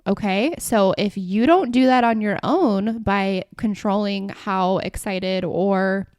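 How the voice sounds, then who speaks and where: A young woman hosting a solo podcast, talking casually with lots of "like" fillers and quick restarts. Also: mid-range voice, a little mellow, no room sound, clean studio sound. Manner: chatty, heavy use of "like" and restarts. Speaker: podcast host.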